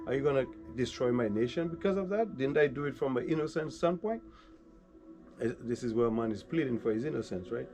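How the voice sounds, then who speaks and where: A man teaching from the Bible. He reads old scripture slowly, then retells it in casual everyday slang, often asking his listeners "right?". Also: mid-range voice, mellow. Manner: keeps checking in with listeners. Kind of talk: Bible reading and commentary.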